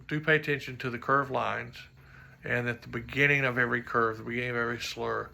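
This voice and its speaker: A trombone teacher with a deeply gravelly, rough-edged voice and a bright, forceful tone coaches audition pieces in a music clinic. His tone is steady and his pace quick as he sings rhythms to show articulation, critiques his own playing, and throws in an occasional joke.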